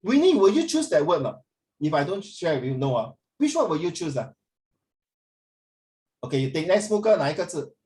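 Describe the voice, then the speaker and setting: Animated Singaporean male teacher. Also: fairly high pitch, a little fast, long pauses. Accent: Singaporean English. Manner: animated, mixes English and Mandarin, coaxing and emotional. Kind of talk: classroom teaching. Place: classroom.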